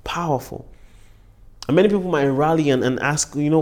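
A man's voice: on the high side, a little fast, darkish tone. Earnest man teaching the Bible. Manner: earnest, repeats key phrases for emphasis; exclamations of praise between points. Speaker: preacher and podcast host.

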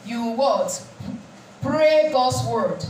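A woman's voice: sits high, lively intonation, extremely slow, darkish tone, a little hiss or hum. A woman preaching a sermon. She asks the congregation questions and keeps saying "praise God" between points. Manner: call-and-response questions, repeated "praise God". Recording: echoey room, distant mic, faint music.

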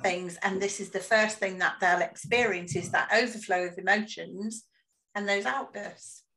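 Bright earnest woman giving parenting advice. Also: mid-range voice, fairly even intonation, moderate pace, slight background noise, poor audio. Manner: earnest, repeats words while thinking. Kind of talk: advice in casual discussion.

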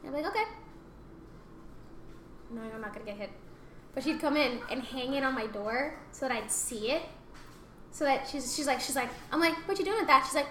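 A young woman telling stories in casual podcast chat, acting out other voices and dropping into whispered asides. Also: high voice. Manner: animated storytelling, acts out voices, drops to whispers. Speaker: podcast co-host. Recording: echoey room with faint ambient noise.

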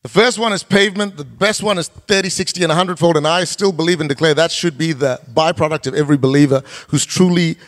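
A man's voice: a little high, fast talker, hardly any pauses. A middle-aged male pastor preaching a sermon, firing rhetorical questions with emphatic delivery. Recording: long hall reverb.

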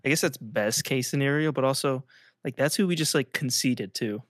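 A man co-hosting a podcast chats casually and rambles, filling nearly every phrase with "like." His medium-pitched voice is a bit bright at a moderate pace, captured in a dry, clean studio recording.

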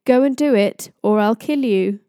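A woman's voice: a little high, moderate pace, dark tone, no room sound, clean studio sound, lightly acted. A woman doing a hot-tempered thunder god. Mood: angry. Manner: blunt, threatening.

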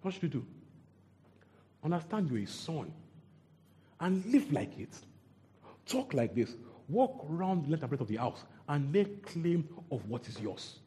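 A man's voice: a little high, very animated, a little slow, long pauses, mellow. A man preaching a sermon, repeating phrases and quizzing the congregation.

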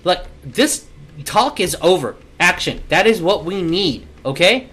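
A man's voice: on the high side, sing-song, measured pace, a bit bright, full character voice. A man voicing an angry, defiant young woman rebel who swears and argues in a tabletop game. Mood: furious. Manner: heated, swearing, impatient.

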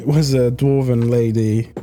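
A man's voice: medium pitch, warm tone. A young man chatting as a guest in an interview, rambling with lots of fillers and restarts. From United Kingdom. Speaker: guest player. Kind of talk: casual interview chat.

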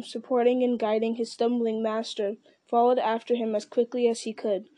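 A woman reading a fantasy novel aloud in a steady, measured voice, with the odd slip and restart. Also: a little high, no room sound. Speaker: audiobook reader. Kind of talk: storybook narration.

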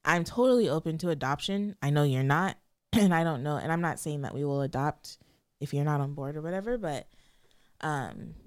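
A woman's voice: low-pitched, expressive, normal speed, smooth, no room sound. A young adult woman co-hosting a casual marriage podcast, talking emotionally and hesitantly, close to tears. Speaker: podcast co-host. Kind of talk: casual chat.

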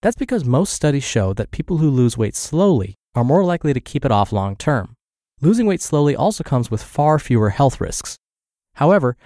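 A man with a medium-pitched voice reads a health article in a steady, scripted delivery. He sounds a bit stuffed up from a cold. The recording is dry and close, with no room sound. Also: no echo. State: stuffed up from the flu. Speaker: podcast host reading health articles. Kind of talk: scripted reading of a health blog.

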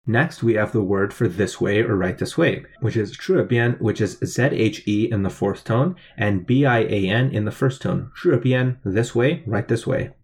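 A man's voice: on the low side, normal speed, hardly any pauses. A man co-hosting a language lesson, spelling out each word and explaining its meaning step by step. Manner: clear, methodical explanation. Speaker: language teacher co-host.

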